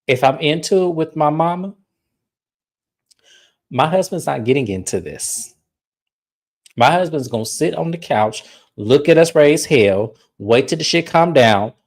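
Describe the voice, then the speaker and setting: A woman's voice: deep voice, darkish tone. A woman hosting a podcast, casually recapping a reality show in a blunt, swearing storytelling way. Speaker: podcast host.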